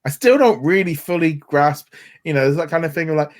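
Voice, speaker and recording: A man's voice: fairly high pitch, animated, a little fast. Brief: male podcast co-host, eager and rambling, casual review chat. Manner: enthusiastic, rambling with frequent restarts.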